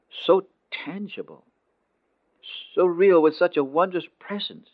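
A man narrating a dramatic story in a scripted, expressive way, slowing down on emotional phrases. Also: fairly high pitch. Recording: tinny phone-like dry recording.

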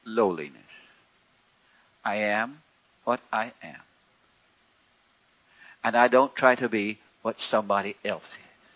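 A man preaching a sermon in a folksy, conversational way, with wry humor and sharp swings between loud and soft. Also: fairly low pitch, takes it slowly, long pauses, highs cut off.

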